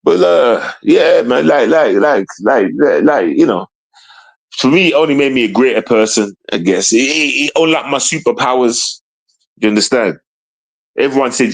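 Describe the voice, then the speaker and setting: A man's voice: mid-range voice, lively intonation, moderate pace, vocal fry. A man telling a personal story in casual street slang, emphatic and repetitive, often checking that the listener understands. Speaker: guest telling his story.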